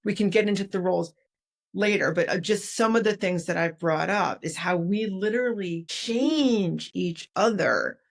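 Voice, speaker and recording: A woman's voice: lowish voice, moderate pace, vocal fry. A woman author and leadership consultant, a podcast guest, explaining her ideas and acting out how greetings can sound. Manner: animated, demonstrates tones of voice while explaining. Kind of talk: podcast interview.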